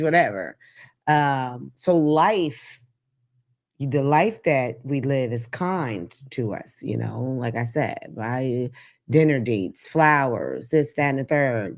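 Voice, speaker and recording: A woman's voice: low voice, darkish tone. A woman hosting a call-in talk show, talking frankly and sassily, laughing at her own jokes. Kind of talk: live call-in show monologue.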